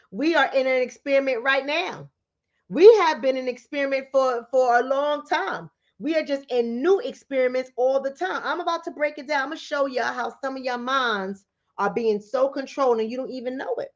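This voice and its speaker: Bronx-raised woman, New York accent, high voice, rapid and preachy, direct-to-camera, dull lo-fi audio. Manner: fast-talking, preachy, rhetorical questions to viewers. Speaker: relationship coach and commentator.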